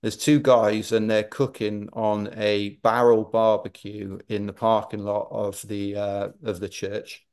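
A Welsh man, a podcast guest, telling a story in a chatty, animated way during a casual interview. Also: fairly low pitch, unhurried, few pauses, clear, resonant tone. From Wales.

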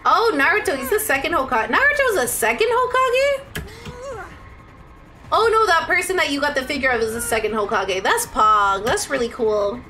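Woman streamer, excitable, high and very lively voice, bright tone, faint music behind. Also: normal speed. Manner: excitable, shrieks and laughs during tense play. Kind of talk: live game stream chat.

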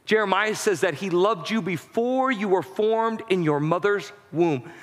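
A man preaching a sermon as pastor, with impassioned delivery that rises to shouting at its peaks. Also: high voice, measured pace. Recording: long hall reverb.

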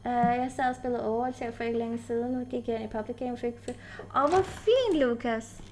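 A woman's voice: a little high, completely flat delivery, quick pace, a little mellow, a little hiss or hum. A woman streaming a horror game live, chatting with viewers, giggling and yelping when startled.

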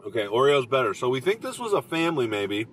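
A man's voice: medium pitch, big pitch swings, quick pace, a bit bright. A man in his thirties, a dad hosting a casual family vlog from a car, chatty and upbeat. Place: inside a car at drive-thrus. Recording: slightly distant camera mic, faint car noise.

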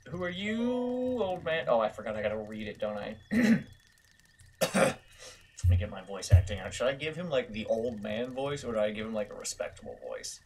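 A man's voice: fairly low pitch, fairly quick, soft background music. Swearing young man commenting on gameplay. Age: young adult. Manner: casual, self-mocking, swears often. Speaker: gaming video host.

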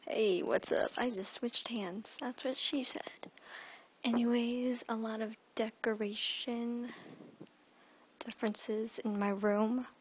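A woman's voice: a little high, fairly even intonation, slow pace, noisy background. A young woman in her teens chatting in a rambling daily vlog from her bedroom, often dropping into a whisper, filmed on a phone held at arm's length. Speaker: vlogger.

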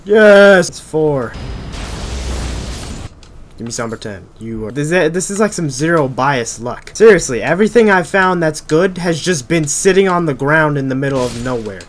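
A man's voice: a little high, animated, moderate pace, slight background noise. A young man giving casual gameplay commentary, joking and exasperated as he talks to himself. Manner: joking, exasperated self-talk. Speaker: gaming video creator. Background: loud game music.

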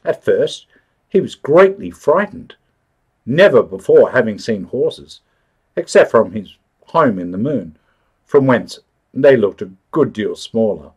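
Expressive male storybook narrator. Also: medium pitch, unhurried, breathy edge. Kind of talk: storybook reading for English learners.

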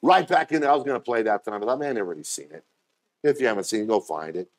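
A man preaching a sermon as pastor, telling stories and acting out quoted voices with sudden jumps in pitch. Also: lively intonation, racing.

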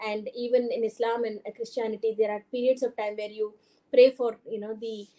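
In a conference hall, an Indian woman doctor gives a conversational lecture in Indian-accented English, with many fillers and some Hindi phrases. Her voice is on the high side and warm, level in tone and a little fast.

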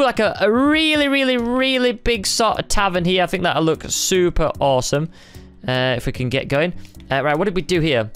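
A young man chatting excitably as he narrates a timed building game, thinking aloud in a casual commentary style. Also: a little high. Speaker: gaming YouTuber.

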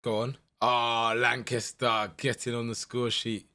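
A young man giving live commentary over a football management game, swinging from muttered dread to shouted excitement. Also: mid-range voice, unhurried. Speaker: gaming YouTuber.

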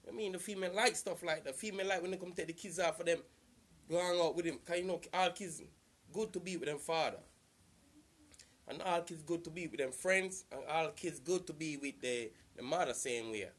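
A man giving casual relationship advice to the camera, earnest and repetitive, circling back to the same points. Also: a little high.

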